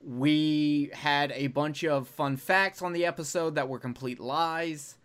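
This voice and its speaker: A man's voice: fairly high pitch, fairly even intonation, slow pace, fairly bright tone, smooth. Loose, swearing male podcast host. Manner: loose and profane, lots of fillers. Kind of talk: casual podcast chat.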